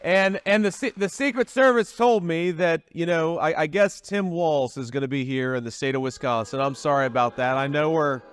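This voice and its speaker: A man's voice: a little high, moderate pace, few pauses, smooth. A man giving a campaign rally speech, talking in a folksy, repetitive way with frequent restarts. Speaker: political candidate at a rally.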